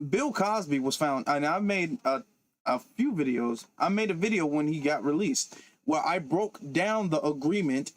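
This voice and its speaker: Recorded with no room sound, a man with a fairly high pitch gives reaction-video commentary. He talks emphatically, repeats himself, and keeps interjecting "okay."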